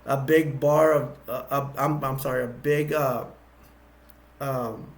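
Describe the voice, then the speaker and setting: A man casually retelling movie scenes as a reviewer, halting and rambling with many restarts and chuckling as he goes. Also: a little high, creaky.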